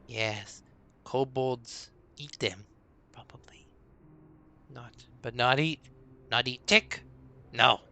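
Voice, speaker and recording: A man voicing a small, scraggly, nervous goblin who speaks in halting, broken phrases in a hushed, shaky voice. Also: medium pitch. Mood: uncertain. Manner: halting broken speech, stammering short phrases.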